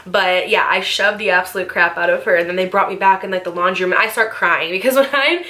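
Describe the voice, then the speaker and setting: A young woman vlogger casually telling a storytime, animated and swearing as she acts out the other people in it. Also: fairly low pitch, fast, slight background noise.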